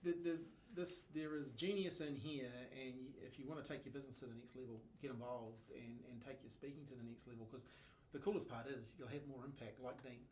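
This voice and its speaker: A man hosting a business podcast, enthusiastic and quick to agree, often trailing off mid-sentence. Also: medium pitch, steady tone, darkish tone, a little hiss or hum. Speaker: podcast host. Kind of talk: casual podcast conversation.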